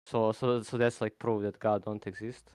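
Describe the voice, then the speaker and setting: Halting man with a low voice. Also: little pitch movement, a little mellow, no room sound. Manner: halting, repetitive, broken phrasing. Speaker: caller. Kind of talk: casual debate call.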